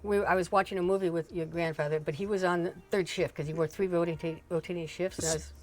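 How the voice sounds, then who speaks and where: A woman's voice: on the low side, fairly even intonation, fast, darkish tone. An older woman, a mother, telling family stories in a chatty, rambling way with frequent laughs and asides. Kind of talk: casual storytelling chat.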